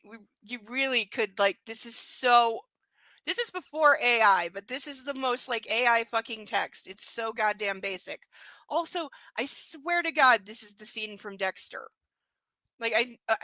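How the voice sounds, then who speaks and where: Bright-voiced woman, sarcastic book reader. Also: fairly high pitch, dry recording, low-quality recording. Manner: sarcastic, blunt commentary; cooing baby talk to her dog. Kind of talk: live-streamed book reading with commentary.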